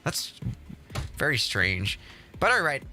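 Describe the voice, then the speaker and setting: A man's voice: mid-range voice, huge pitch swings, slow, bright, forceful tone. A man hosting a livestream and commenting casually on his game, rambling and exasperated, with mild swearing. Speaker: livestream host.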